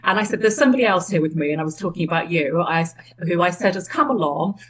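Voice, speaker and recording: A middle-aged woman with a Swindon accent, recounting events in casual, animated conversation. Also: lowish voice, quick pace, breathy edge, low-quality recording. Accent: English, Swindon. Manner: chatty, animated storytelling with restarts. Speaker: independent election candidate.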